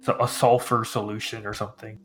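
A man narrating a tabletop game as game master, in a halting, descriptive way. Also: fairly low pitch, little pitch movement, fairly bright tone, soft background music.

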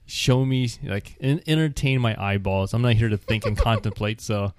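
A man's voice: lowish voice, normal speed, dry recording, clean studio sound. A man co-hosting a podcast, easygoing and self-mocking as he runs through his picks. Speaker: podcast co-host. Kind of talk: casual chat.

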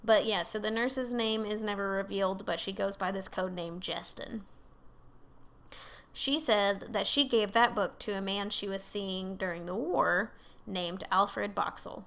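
Telling a case on a podcast she co-hosts, this woman chats casually over a remote call, full of fillers, asides, and easygoing profanity as she rambles. She speaks unhurriedly, at medium pitch, with a steady and slightly bright tone.

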